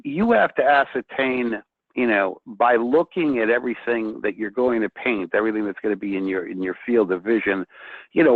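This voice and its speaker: A man speaking as a guest painter in a casual chat, excitable and often restarting his sentences. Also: medium pitch, no room sound. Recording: tinny phone-like line, dry.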